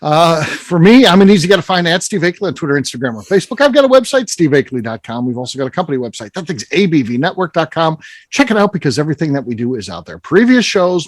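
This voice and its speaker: Lively laughing male podcast host. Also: a little high, dry recording, studio quality. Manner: lively, laughs easily, teasing. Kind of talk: casual chat.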